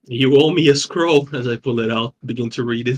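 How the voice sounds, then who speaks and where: A man's voice: medium pitch, fairly quick, a little hiss or hum. A man playing a tabletop game over an online call, joking and swearing casually as he plans his spells. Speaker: player.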